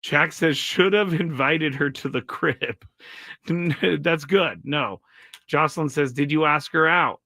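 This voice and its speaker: A man's voice: fairly high pitch, slow pace, sharp tone, dry recording. Talkative man hosting a live show. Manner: rambling, self-correcting storytelling; reads viewer chat comments aloud. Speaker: show host. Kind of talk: casual live-stream monologue.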